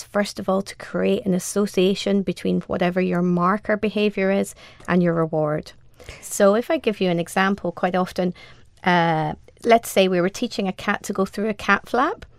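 A woman who is a cat behaviour expert, calmly explaining training in an interview, step by step with examples. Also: medium pitch, creaky, no room sound, studio quality.

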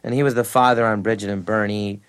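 A man's voice: lowish voice, fairly even intonation, quick pace, fairly bright tone, clean tone. A man, an actor and comedian, telling rambling anecdotes in a radio interview. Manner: rambling anecdotes, frequent laughs.

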